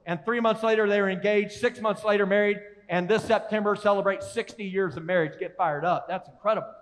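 A male pastor preaching an energetic sermon, calling on the congregation to repeat lines with him. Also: sits high, a little fast. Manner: energetic, calls congregation to respond. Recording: long reverb of a large hall.

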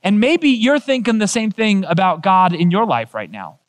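A male pastor preaching a sermon, telling a story with emphatic, animated delivery. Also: high-pitched, moderate pace.

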